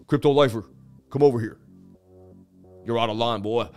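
A man's voice: medium pitch, normal speed, darkish tone, faint music behind, pitched below the performer's own voice, close to an everyday voice. A man doing a stern traffic cop. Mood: mock-stern. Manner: mock-stern, drawling. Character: stern male traffic cop pulling someone over.

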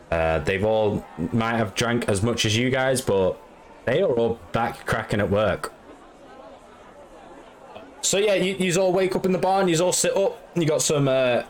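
A man's voice: mid-range voice, slight background noise. A man narrating a tabletop game as game master, rambling with many fillers.

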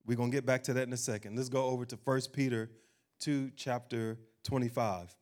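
A man preaching a sermon, emphatic, slowing down to read scripture. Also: medium pitch, fairly even intonation, a little mellow. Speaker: pastor.

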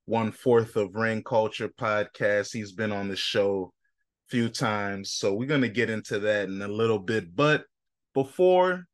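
A man's voice: on the low side, a little slow, no echo, studio quality. A man hosting a casual sports podcast, talking in a laid-back, slangy way and teasing his co-hosts. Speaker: podcast host. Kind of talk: casual chat.

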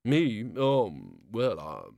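A man's voice: mid-range voice, moderate pace, no echo, lo-fi sound, voice pushed up, natural voice. A man voicing a queasy, flustered male god of hangovers who gabbles and splutters.

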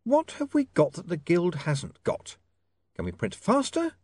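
An earnest, worried young editor, as a male reader puts him on speaks urgently and a little higher than the reader's own voice. The storybook reading is dry and close, with a lively, swinging pitch. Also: measured pace, no echo, exaggerated voice. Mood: distant.

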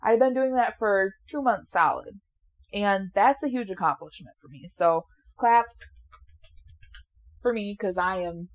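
Chatty, candid woman in her late twenties. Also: on the low side. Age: 20s. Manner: chatty, candid, swears casually, laughs often. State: sleepy, yawning. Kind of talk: casual chat.

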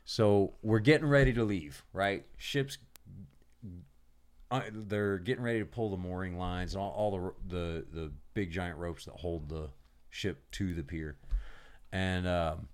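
A man hosting a podcast, casually telling a profane, animated story about his navy days. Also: sits low, a little slow, smooth. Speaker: podcast host.

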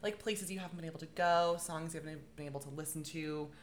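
Podcast host, woman, deep voice, supportive interviewer, faint noise behind. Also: fast. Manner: supportive listener, frequent short affirmations. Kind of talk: casual chat.

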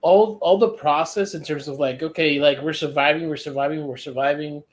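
A man with a fairly high voice chatting on a podcast. He breaks into laughter and acts out characters' lines as he retells a story. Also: steady tone, brisk. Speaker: podcast co-host. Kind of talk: casual podcast chat.

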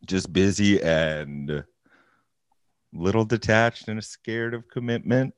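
A man's voice: lowish voice, animated, slow pace, smooth, no room sound. A young man co-hosting a podcast, rambling and self-mocking in casual chat. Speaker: podcast co-host.

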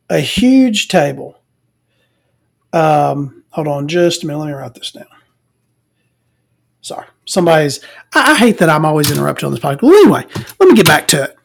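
A podcast host rants in a casual monologue. The delivery is profane and rambling, with frequent fillers and asides. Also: medium pitch.

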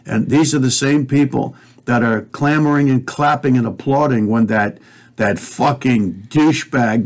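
A man in mid-range pitch hosting a talk show. He delivers a heated, preachy rant, swears freely and talks straight to his listeners. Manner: fiery, profane, preachy, addresses listeners directly. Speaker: podcast host.

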